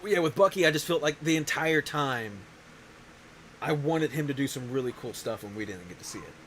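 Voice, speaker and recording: A man's voice: fairly high pitch, lively intonation, brisk, crowd noise, poor audio. A man hosting a show, talking in a casual, rambling way, often restarting his sentences. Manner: rambling, self-interrupting. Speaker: show host. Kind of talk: casual chat.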